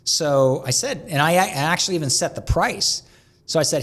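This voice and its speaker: A man being interviewed as a guest, telling energetic stories and often restarting mid-sentence. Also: a little high, normal speed, slightly rough. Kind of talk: conversational interview storytelling.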